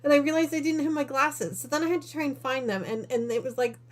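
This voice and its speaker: A woman's voice: high voice, fast talker. A woman from Northern Illinois hosting a quilting live stream in casual chat, out of breath and chatty, with apologetic asides to her viewers. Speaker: quilting channel host.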